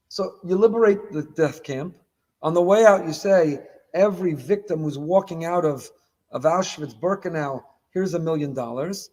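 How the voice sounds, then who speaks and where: A middle-aged man, a rabbi, preaching on the weekly Torah portion with lively, dramatic delivery and Hebrew quotations. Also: high-pitched, moderate pace. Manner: animated preaching, acting out imagined dialogue, mixing in Hebrew quotations.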